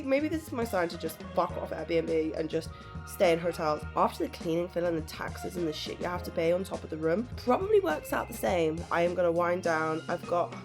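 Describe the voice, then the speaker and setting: A young woman chatting candidly to camera in a travel vlog, hoarse from a cold and self-mocking. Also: lowish voice. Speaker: travel vlogger. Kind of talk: casual vlog chat to camera.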